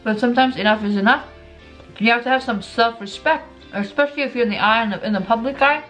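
A woman's voice: a little high, fast, fairly bright tone, soft background music, rough recording. A woman talking casually to her viewers in an opinion vlog, chatty and emphatic, repeating her points and eating as she speaks. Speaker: lifestyle vlogger.

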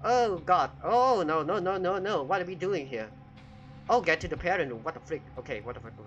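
A man's voice: on the high side, lively intonation, a little fast, fairly bright tone, lo-fi sound. A man giving jokey, casual commentary while playing a game and talking back to it with frequent exclamations. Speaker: gamer.

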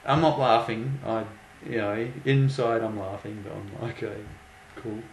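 A man's voice: lowish voice, steady tone, moderate pace. A young man casually telling a story, amused and mocking, often breaking into laughter. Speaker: vlogger. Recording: echoey room with faint background noise.

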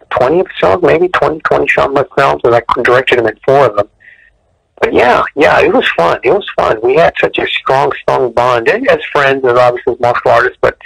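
A man recounting film-set stories in a relaxed interview, his voice gravelly with fry. He tells them with animation, repeating words and restarting lines. The sound is dry and close. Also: no room sound, low-quality recording. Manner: animated storyteller, acts out quotes with sudden high bursts; frequent repeats and restarts, clears throat. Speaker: martial arts director and choreographer, guest. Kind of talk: casual interview storytelling.

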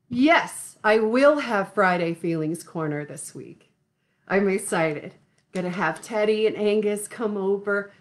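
A woman hosting a home sing-along stream for young children, talking gently and affectionately to her small viewers over a laptop microphone. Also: sits high. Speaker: children's music host. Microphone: laptop computer mic.

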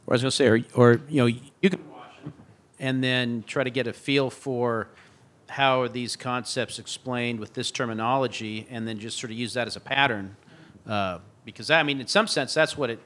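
Guy on a faculty panel, average pitch, kinda halting, hunting for words. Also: steady tone, fairly bright tone. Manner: halting, searches for words mid-sentence. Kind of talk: answering audience questions on a panel. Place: lecture room at an institute.

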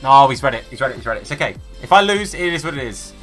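A young man streaming a football game live, shouting at the match and chatting casually with his viewers. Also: mid-range voice, animated, very fast, faint music behind. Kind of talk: live gameplay commentary.

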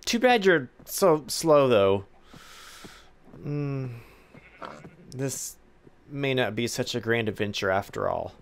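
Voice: mid-range voice, slow pace, long pauses, clean tone. A let's-play gamer giving casual gameplay commentary, playfully talking to a pet pig, humming along and squealing with alarm. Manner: excitable, squeals and gasps in alarm.

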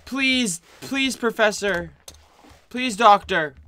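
A woman voicing a frightened, groveling female assistant who begs in a high voice. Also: expressive, slow, pushed and bright, a little hiss or hum, exaggerated voice. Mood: pleading. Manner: pleading, high-pitched begging.

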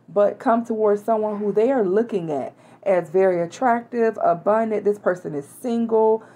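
A woman's voice: medium pitch, darkish tone. A woman reading tarot cards for her viewers in a chatty, casual way, with small laughs and restarts. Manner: chatty, laughs now and then, hesitant restarts. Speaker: tarot reader.

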